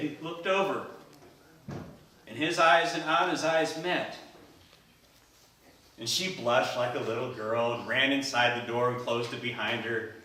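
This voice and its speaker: A man giving a told story speech at a speaking club, animated, acting out characters, recorded in an echoey room from far off. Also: medium pitch, a little hiss or hum. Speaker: Toastmasters speaker.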